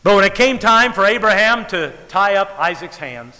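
A man preaching a sermon with dramatic pacing, stretching out key words and dropping to a hush. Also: sits high, animated, moderate pace, smooth, in a large hall, low-quality recording.

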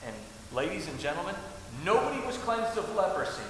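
A male pastor preaching a sermon in a church, quoting old scripture and swinging from hushed passages to loud ones. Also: sits high, sing-song, fairly quick. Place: church sanctuary. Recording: echoey hall with faint hiss.

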